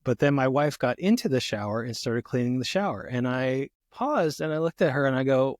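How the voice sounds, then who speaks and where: A man's voice: mid-range voice, moderate pace, few pauses, no echo. Reflective man, dry close sound. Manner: reflective, uses many "you know" fillers. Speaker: guest therapist. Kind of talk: conversational podcast interview.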